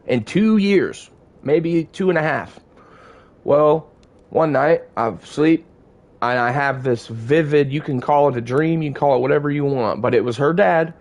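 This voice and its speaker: A man at a medium pitch talks to his live stream chat, loose and casual. He tells a story the way he would to friends, swearing freely and drifting from thought to thought. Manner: relaxed, profane, conversational. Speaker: game streamer.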